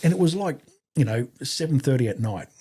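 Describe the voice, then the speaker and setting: A man's voice: medium pitch, a little fast, breathy edge. A middle-aged Australian man, a podcast guest and army veteran, telling a story casually and profanely, acting out what others said. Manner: profane, animated, acts out quoted voices.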